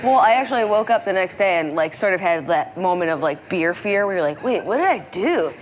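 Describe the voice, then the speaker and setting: A woman, a talk show guest, tells her story in a chatty, upbeat manner. Her voice sits on the low side for a woman. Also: a little fast, slight background noise. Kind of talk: casual talk show chat.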